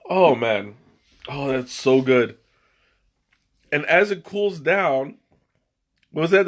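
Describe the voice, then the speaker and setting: Man, live-stream host, easygoing rambler with a fairly high, unhurried voice. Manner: rambling, chuckling, trails off mid-sentence. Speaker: livestream host tasting tea. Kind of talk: casual live-stream chat. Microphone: webcam.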